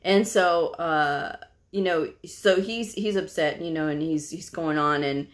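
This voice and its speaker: A woman's voice: low voice, measured pace. Chatty woman telling a work story. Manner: chatty, lots of fillers and asides; laughs while telling the story. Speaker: medical coding vlogger. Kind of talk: casual storytelling.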